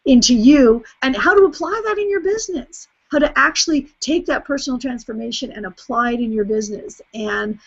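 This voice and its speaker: Woman, high voice, effusive webinar host, repeats herself, muffled video call audio. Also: brisk, gravelly, hardly any pauses. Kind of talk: webinar hosting, casual.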